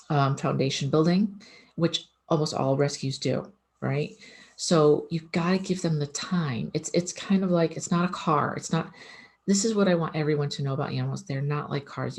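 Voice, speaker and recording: A woman with a low-pitched voice talks through casual advice as an animal communicator. She speaks earnestly and conversationally, often circling back to repeat her point.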